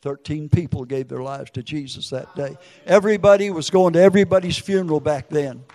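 A man's voice: on the high side, fairly quick, dark tone, big-room sound. Older man giving an emotional testimony. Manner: emotional storytelling with acted quotes. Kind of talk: testimony sermon.

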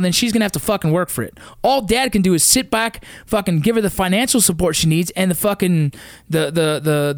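The recording is dry and studio quality, carrying a high-pitched male voice. He's a father of young athletes, in his thirties, from the San Fernando Valley, California, giving a fierce, profanity-heavy motivational speech that leans on repetition for emphasis.

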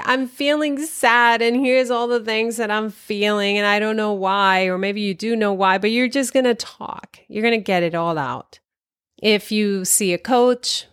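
A woman's voice: mid-range voice, no room sound, studio quality. A woman talking directly to the listener with self-care advice, encouraging and often laughing lightly. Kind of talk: casual advice talk.

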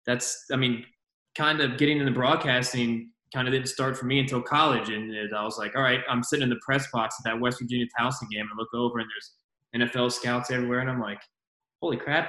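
A male podcast host with a bright voice talks fast and casually, rambling through his questions. He fills his speech with "like" and "I mean." His voice is recorded in an echoey room. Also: medium pitch. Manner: rambling and quick, full of "like" and "I mean". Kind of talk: casual interview chat.

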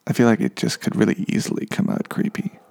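A man's voice: mid-range voice, sing-song, fast talker, creaky, a little mellow, a little hiss or hum. A man in his thirties talking to his podcast listeners in a casual, meandering monologue full of fillers and self-deprecating asides. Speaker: podcast host.

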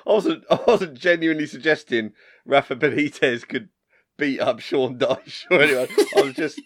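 A man chats casually with a middling pitch. He makes dry, wry remarks and laughs often. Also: moderate pace, a bit bright. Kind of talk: casual chat.

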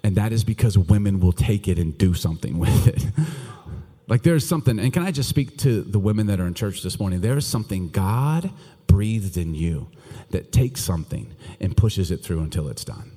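Husky-voiced preacher man in echoing hall. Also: fairly low pitch, moderate pace. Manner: animated, joking, swings between loud and hushed. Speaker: pastor. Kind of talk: sermon. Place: church hall. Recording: long reverb of a large church hall.

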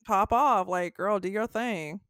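A woman co-hosting a podcast in casual chat, animated and slangy, swearing freely and acting out what friends would say. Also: mid-range voice, unhurried. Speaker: podcast co-host.

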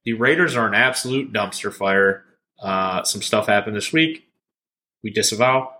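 Bright-voiced joking male podcast co-host. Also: lowish voice, normal speed. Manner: jokey and profane, goofing around. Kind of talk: casual sports betting chat.

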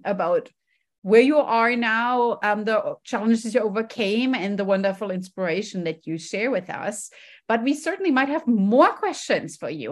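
Woman podcast host, upbeat chatty interviewer, lots of ums, average pitch. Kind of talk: casual interview chat.

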